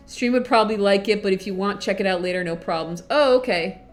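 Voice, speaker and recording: A woman streamer chatting casually to her viewers, excitable, swinging between mumbles and squeals of laughter. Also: medium pitch, quick pace, soft background music. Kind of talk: casual livestream chat.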